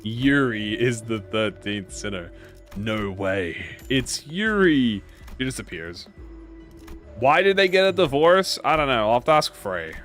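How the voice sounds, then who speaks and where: A man's voice: mid-range voice, big pitch swings, unhurried, fairly bright tone. A man live-streaming a game and chatting to viewers. His talk rambles, corrects itself and trails off into mumbles. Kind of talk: casual live-stream chat while gaming. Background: faint game music.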